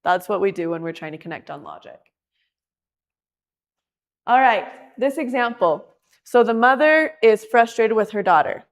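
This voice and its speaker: A woman teaching a class in a casual, chatty way, acting out quotes with lively emphasis. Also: medium pitch, moderate pace, pauses often. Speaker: class instructor.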